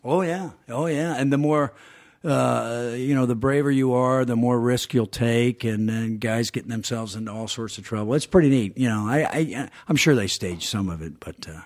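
A middle-aged man with a Southern accent talks as an interview guest. His voice sits at an ordinary mid pitch. He rambles easily, restarting sentences and dropping in fillers. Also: moderate pace. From American South. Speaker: guest actor. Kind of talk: casual interview chat.

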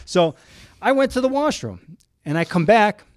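Animated man telling a story. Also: high-pitched, moderate pace, no room sound. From Chicago South Side. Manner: animated, emphatic, indignant storyteller. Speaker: guest, TV news cameraman. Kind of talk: storytelling anecdote in an interview.

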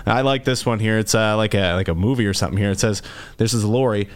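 A man's voice: on the low side, quick pace, a little hiss or hum. Upbeat laughing radio co-host, a man. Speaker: radio show co-host reading listener captions. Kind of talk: casual radio chat.

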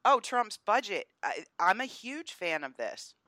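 A woman's voice: mid-range voice, very animated, measured pace, bright, forceful tone, no echo. A woman co-hosting a podcast, talking politics in an emphatic, scornful way. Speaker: podcast co-host. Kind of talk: casual political chat.

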